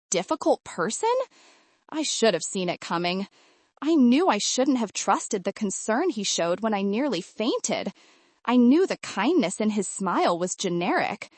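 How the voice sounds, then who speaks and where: A woman narrating a first-person romance audiobook in an expressive, emotive way. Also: a little high, no room sound.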